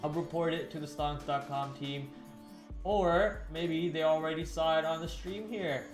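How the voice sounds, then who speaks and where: A man hosting a stock trading livestream, chatting casually to his viewers and slowly dictating notes on trades as he types. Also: on the high side, steady tone. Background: faint background music.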